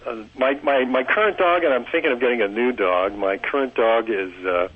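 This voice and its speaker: Hesitant man caller, husky, lo-fi phone. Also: mid-range voice, a little fast. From California. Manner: hesitant, nervous laughs. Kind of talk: phone call to a radio show. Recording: dull lo-fi phone line.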